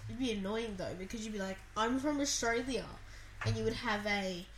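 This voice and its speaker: A woman co-hosts a relaxed podcast conversation with a mid-pitched voice. Her replies are short, with some stops and restarts. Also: quick pace, slight background noise, poor audio. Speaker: podcast co-host. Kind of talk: casual chat.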